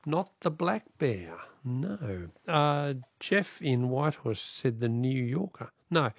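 A man's voice: medium pitch, sing-song, slow pace, gravelly, no echo. A man with an Australian accent hosting a radio call-in quiz, chatting with callers and reading out the questions. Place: radio studio.

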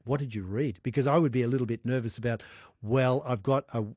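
A man hosting a casual studio radio interview. He is chatty and quick to react. His voice sits mid-range and sounds close and dry on the studio mic. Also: medium pitch, steady tone, a little mellow, breathy edge, no room sound. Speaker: radio host.

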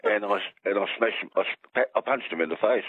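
A deep-voiced Australian man rambles and jokes as a phone-in caller, restarting his sentences often. His husky voice comes through a tinny, dry phone line. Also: brisk, dry recording. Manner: rambling, jokey, restarts a lot.

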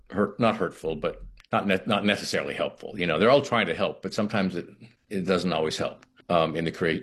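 A man, an actor, talking reflectively in an interview, halting often and restarting his sentences. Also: low voice, slightly rough. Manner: thoughtful, halting, with frequent restarts and "you know".

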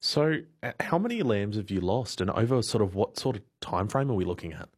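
A man's voice: on the low side, sing-song, fairly quick. A man interviewing a farmer, asking questions in a stumbling, stop-start way. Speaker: radio interviewer.

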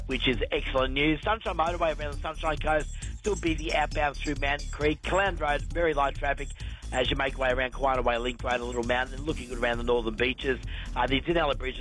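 Upbeat Australian traffic reporter. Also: male voice, mid-range voice, a bit bright, poor audio. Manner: brisk, upbeat delivery. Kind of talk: radio traffic report and casual chat. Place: radio studio.

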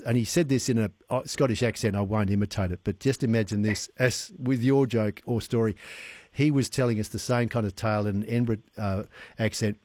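A man hosting a casual radio chat, chatty and quick to laugh. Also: mid-range voice, a little mellow, no echo. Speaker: radio host.

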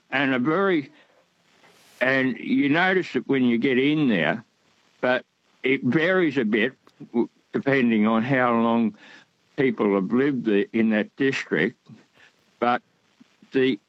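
An older man, calling in to a radio show and telling a long story, halting with many ums and restarts. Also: medium pitch, a bit bright, no echo, muffled recording. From Australia. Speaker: caller. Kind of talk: radio call-in chat. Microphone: telephone.

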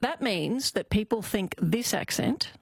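An Australian woman comedian chatting excitedly as a radio guest. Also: medium pitch, measured pace, gravelly, slightly rough. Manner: excitable, giggly. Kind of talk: casual radio chat. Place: radio studio.

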